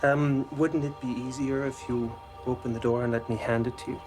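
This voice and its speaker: An actor playing a creepy, soft-spoken adult neighbor in a 1990s kids' horror show. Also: male voice, mid-range voice, little pitch movement, fairly quick, over music, natural voice. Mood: creepy coaxing.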